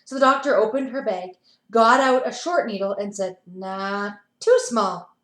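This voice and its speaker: A playschool teacher reading a picture book aloud to children over a video call, animated, with asides to the kids. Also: female voice, on the high side, moderate pace, echoey room, rough recording.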